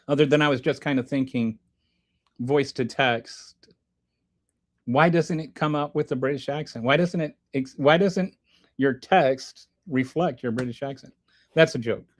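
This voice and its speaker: A man hosting a casual livestream, reading chat aloud and commenting in a rambling, animated way with many restarts. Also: medium pitch.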